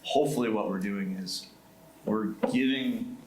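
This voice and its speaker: A male home builder on a casual panel, with a very low voice. He talks haltingly and repeats words as he finds his way. The sound is roomy and echoey, with a faint hum behind it.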